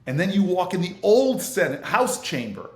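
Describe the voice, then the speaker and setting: A man, a senator and interview guest, telling a lively anecdote with laughter and vivid scene-setting. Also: sits high, normal speed, roomy sound. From United States. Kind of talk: animated anecdotal storytelling.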